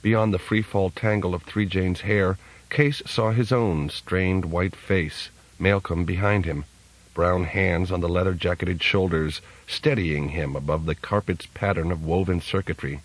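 A man narrating an audiobook in a steady, measured way. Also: sits low, rough recording. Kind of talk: scripted narration.

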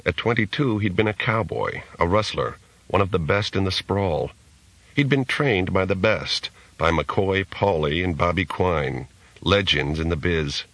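Deep-voiced guy reading an audiobook, dry close sound, steady. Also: unhurried, no echo, poor audio. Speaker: audiobook narrator. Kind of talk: scripted narration.

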